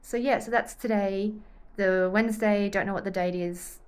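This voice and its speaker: A woman's voice: medium pitch, steady tone, moderate pace, clear, resonant tone. A young Australian woman chatting to camera in a rambling, easily sidetracked way about her day. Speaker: vlogger and triathlete. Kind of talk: casual chat to camera.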